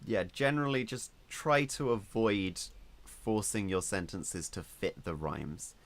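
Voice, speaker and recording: A man's voice: on the low side, measured pace. A man co-hosting a casual podcast about writing, giving firm opinions and explaining with emphasis. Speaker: podcast co-host.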